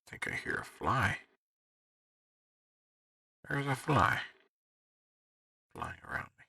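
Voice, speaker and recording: A man hosting a livestream, muttering to himself as he fiddles with his software, heard on a distant desk mic. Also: medium pitch, very animated, slow, vocal fry, husky, dry recording, clean studio sound. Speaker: livestream host. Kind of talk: casual livestream chatter.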